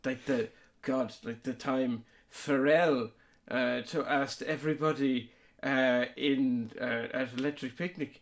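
A man's voice: mid-range voice, fairly even intonation, slow pace. A man hosting a casual comedic chat, teasing his guest with mock outrage. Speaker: host.

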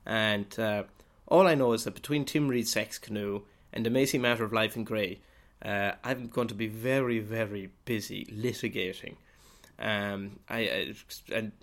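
Rambling, sweary man with a lowish voice. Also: creaky. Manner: rambling, sweary, with sudden loud outbursts. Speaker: podcast host. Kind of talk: comic monologue in character as a priest.

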